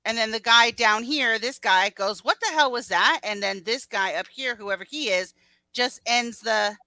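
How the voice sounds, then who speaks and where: A woman co-hosting a livestream from a home mic, telling a story excitedly and swearing freely. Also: fairly high pitch, measured pace, no echo, poor audio. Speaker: livestream co-host. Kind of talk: casual gossip chat.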